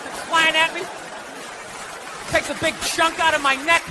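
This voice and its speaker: High-voiced ranting stand-up comedian. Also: male voice, normal speed. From American. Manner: ranting, sarcastic, shouting punchlines. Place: comedy stage before an audience. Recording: live club recording with crowd and noise.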